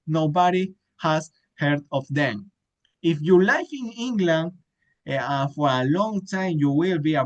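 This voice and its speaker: Halting man reading a book aloud. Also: a little high, poor audio. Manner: halting, frequent hesitations and restarts. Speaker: reader.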